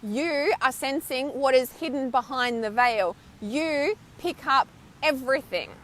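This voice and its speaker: High-voiced, animated woman on a live stream. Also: a little slow. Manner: animated and chatty, frequent "right?" and laughs; emphatic, swears casually. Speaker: intuitive healer and mentor. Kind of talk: live stream talk to viewers. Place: outdoors, windy beach.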